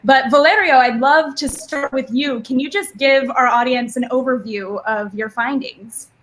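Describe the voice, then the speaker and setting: A woman's voice: high-pitched, moderate pace, a bit bright, a little hiss or hum, low-quality recording. A woman hosting a livestream news interview, friendly and upbeat, with occasional fillers. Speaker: host.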